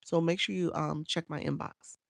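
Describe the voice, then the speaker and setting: Chatty woman with a gravelly voice. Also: low voice, steady tone, moderate pace, no room sound. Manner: chatty, repeats herself, answers viewers by name. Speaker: live streaming coach. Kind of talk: casual live stream Q&A. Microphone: phone.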